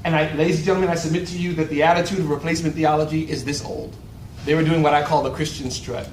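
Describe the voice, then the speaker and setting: A man preaching a sermon at a luncheon, with animated, rhetorical call-and-response delivery. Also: on the high side, quick pace, a little hiss or hum. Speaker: pastor. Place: event hall. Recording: echoey room, voice from far off.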